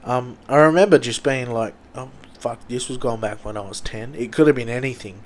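A young man with an Australian accent hosting a podcast, telling rambling stories full of swearing and loudly acted-out quotes. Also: mid-range voice, a little fast. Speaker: podcast host. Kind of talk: casual storytelling.

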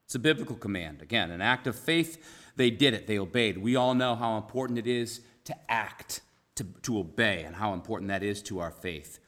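Earnest low-voiced man preaching. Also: lively intonation, fairly quick. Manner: earnest, drops to a soft hush for emphasis; repeats key phrases. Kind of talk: conversational sermon.

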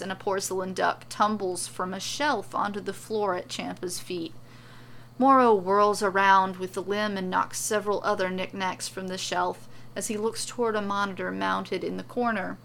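Gravelly-voiced woman narrating a story. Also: medium pitch, fairly even intonation, moderate pace, fairly bright tone. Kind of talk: reading a serialized story.

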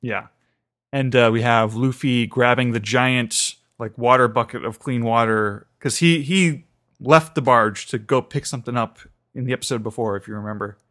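Another casual episode recap comes from a male podcast co-host whose retelling wanders with many fillers and restarts. He speaks at normal speed in a medium pitch that's a bit bright.

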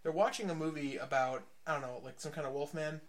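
A man co-hosting a casual podcast, talking about comics in a jokey, excited way and acting out quotes. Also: on the high side, fast. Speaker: podcast co-host. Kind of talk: casual comic book chat.

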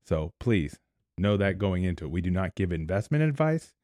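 A man's voice: deep voice, sing-song, normal speed, warm tone, no echo, clean studio sound. A man hosting a casual podcast, upbeat and joking as he introduces guests. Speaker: podcast host.

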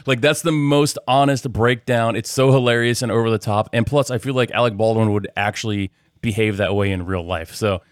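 A man's voice: medium pitch, brisk, few pauses, dry recording, studio quality. A young man hosting a casual movie podcast, swearing freely and laughing often. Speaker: podcast host.

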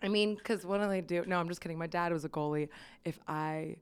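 A woman's voice: fairly low pitch, a little fast, clean tone. A woman hosting her own podcast in casual chat, giggling often, rambling with fillers and swearing freely. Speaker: podcast host.

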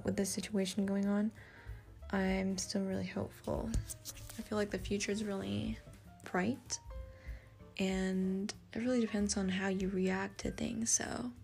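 A teenage girl with an Australian accent, rambling in a casual solo podcast, soft-spoken and self-deprecating, thinking aloud. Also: medium pitch, gravelly. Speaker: podcast host.

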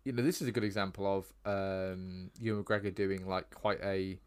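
A man's voice: low voice, fairly even intonation, normal speed, clear, resonant tone. A British man co-hosting a casual film chat, rambling on with lots of ums and likes. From Britain. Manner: chatty, rambling with frequent ums. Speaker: podcast co-host.

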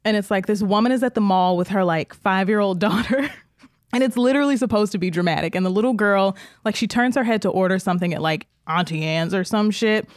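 A woman's voice: mid-range voice, fast talker, no echo, clean studio sound. A woman co-hosting a podcast, telling a funny story in casual chat and laughing often. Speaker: podcast co-host.

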